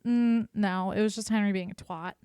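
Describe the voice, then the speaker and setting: A woman's voice: medium pitch, steady tone, normal speed, dark tone, smooth, dry recording, clean studio sound. A woman co-hosting a podcast, telling history in a casual, irreverent way and swearing freely. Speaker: podcast co-host.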